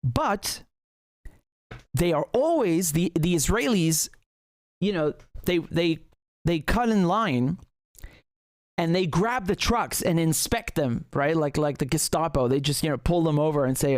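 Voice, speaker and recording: A man with a somewhat high voice delivers fired-up solo commentary in a dry, close-sounding recording. He speaks with indignation and biting sarcasm, repeating himself and restarting sentences as he pushes his point. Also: animated, a little slow, no room sound. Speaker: political commentator.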